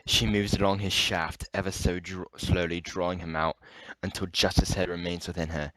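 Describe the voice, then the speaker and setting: A man's voice: low-pitched, little pitch movement, moderate pace, fairly bright tone, no room sound, low-quality recording. A man narrating an amateur story reading, stumbling over words now and then. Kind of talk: amateur reading of erotic fiction.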